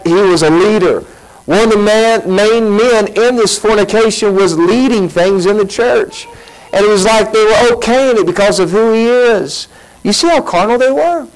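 Folksy preacher, a man in lively sermon. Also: high-pitched, rough recording. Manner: folksy, animated preaching with acted-out quotes. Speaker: pastor. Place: church sanctuary.

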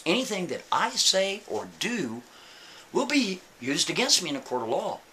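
A man puts on a calm, defiant prisoner in a storytold scene. He recites in a flat, unbothered way, in a bright, lively voice. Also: high-pitched, moderate pace, a little hiss or hum, pitched above the performer's own voice, exaggerated voice. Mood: calm recital.

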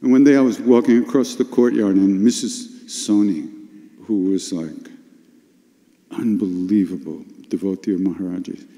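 An older man telling a personal spiritual story at a retreat workshop, unhurried and confessional, with sudden animated bursts. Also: low voice. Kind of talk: storytelling talk. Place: retreat hall with an audience. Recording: long hall reverb.

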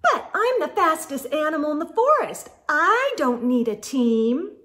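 A woman voicing a boastful, speedy female squirrel in a storybook reading, talking quick and bragging. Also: high voice, sing-song, fairly bright tone, full character voice.

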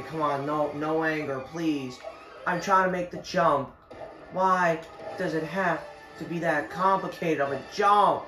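A man's voice: fairly high pitch, unhurried. A man giving let's play gameplay commentary, frustrated, swearing and muttering to himself while playing. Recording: roomy echo with game music. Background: game music.

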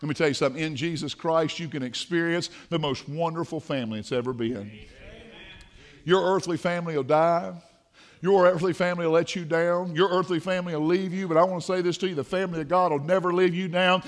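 A man preaching a sermon in a church, fervent, moving from hushed passages to shouting. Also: high voice. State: dry mouth. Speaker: pastor. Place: church sanctuary.

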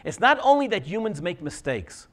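A middle-aged man tells a personal story to a room with a voice that sits high and swings up and down a lot. He acts out each quoted exchange as he goes, shifting his delivery for every speaker. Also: normal speed. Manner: animated, acts out quoted dialogue. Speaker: scribe giving a talk.

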